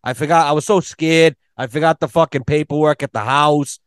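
A man's voice: on the high side, fairly even intonation, fairly quick, clean tone, dry recording, studio quality. A man in casual podcast conversation, telling rambling stories full of swearing. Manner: swears often, rambling storyteller.

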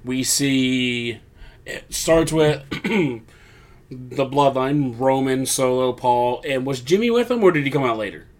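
A man's voice: mid-range voice, lively intonation, measured pace. A young man co-hosting a podcast, recapping events in casual chat and acting out other people's lines as he tells the story. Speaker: podcast co-host.

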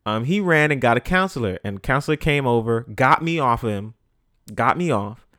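A man's voice: medium pitch, lively intonation, normal speed, a bit bright, no room sound, studio quality. A young adult man hosting a podcast, telling a story in a loose, slangy way and repeating phrases for emphasis. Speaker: podcast host. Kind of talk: casual storytelling.

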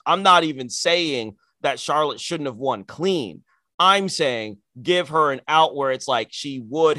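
A man's voice: a little high, a bit bright, no room sound. A man co-hosting a casual chat, opinionated and given to sarcastic rants. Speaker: podcast co-host.

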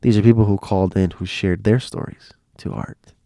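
A man's voice: on the low side, normal speed, creaky, mellow, no echo, studio quality. A man telling stories in a loose, casual way, often repeating himself and restarting phrases. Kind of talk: casual spoken storytelling.

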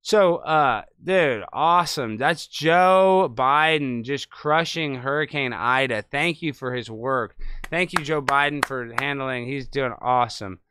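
A man riffing sarcastically on news clips, his voice bright and forceful and cleanly crisp. The sound is close and dry, with no room around it. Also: mid-range voice, a little slow, no echo. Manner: sarcastic, animated, scoffing. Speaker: host.

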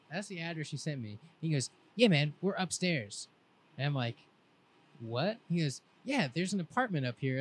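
A young man on a podcast, telling a long rambling story in a casual, laid-back way and quoting his friends in lively voices. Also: a little high. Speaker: podcast co-host.

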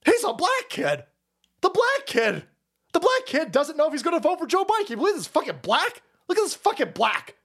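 A man's voice: extremely high pitch, wildly swooping pitch, brisk, a bit bright, pitched above the performer's own voice, full character voice. A man mockingly voicing a scandalized male cable news interviewer, gasping in fake outrage. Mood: mock outrage.

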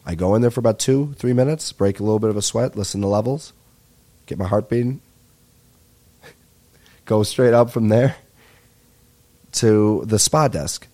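A young man rants through a comedy podcast monologue, rambling, excitable and freely profane. His voice sits on the low side and has a mellow, relaxed tone. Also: normal speed, long pauses. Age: 20s. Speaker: podcast host.

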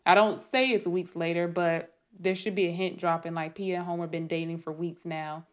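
Woman writer rambling to herself late at night, lots of restarts, just thinking out loud. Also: lowish voice, level tone, normal speed. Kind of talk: casual late-night monologue.

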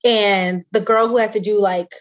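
A woman co-hosting a casual podcast chat, telling family stories in an animated way. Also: mid-range voice, normal speed, dull audio. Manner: animated storytelling, mimics relatives' voices. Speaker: podcast co-host.

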